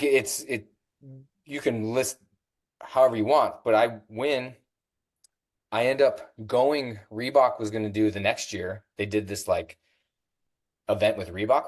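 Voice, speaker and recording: A middle-aged man, a fitness coach, telling stories as a guest in a casual interview, animated and jumping in pitch when he acts out what people said. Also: a little slow. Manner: animated, acts out quoted voices with big pitch jumps.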